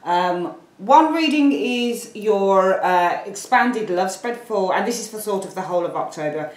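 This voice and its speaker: A woman's voice: mid-range voice, animated, unhurried, echoey room, low-quality recording. A woman from Birmingham with a Birmingham accent, giving a casual, rambling tarot reading to camera with apologetic asides. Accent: Birmingham English. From Birmingham, England. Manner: chatty, rambling, apologetic asides, calls viewers darlings. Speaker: tarot reader. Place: room at home, at a table.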